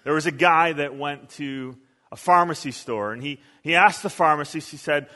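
A man preaching a sermon as pastor, an animated storyteller who often repeats words as he goes. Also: on the high side, normal speed. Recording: long hall reverb.

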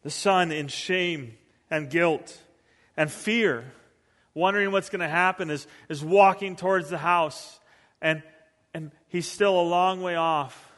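A man's voice: fairly high pitch, takes it slowly, fairly bright tone, big-room sound. A male pastor giving a conversational sermon, acting out the voices of the people he quotes.

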